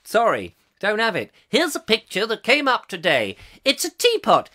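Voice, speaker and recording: A man hosts a comic chat show live on a webcam from home, rambling playfully and joking as he reads out viewer comments. His voice is bright and animated, and it swoops up and down all the time. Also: sits high, moderate pace. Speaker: host. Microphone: webcam, live stream.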